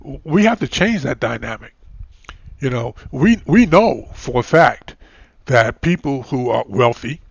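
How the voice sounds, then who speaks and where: Gravelly guy hosting a talk show online, lots of "you know", kinda hoarse, dry dull sound. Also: mid-range voice, expressive, a little slow, no echo. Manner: chatty, many filler "you know"s and restarts. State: losing his voice, clearing throat. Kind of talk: casual talk show conversation.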